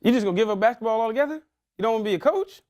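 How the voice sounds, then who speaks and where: A man's voice: high-pitched, expressive, rapid-fire, a little mellow. A man giving a motivational talk, quizzing his young audience in casual slang. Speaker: motivational speaker.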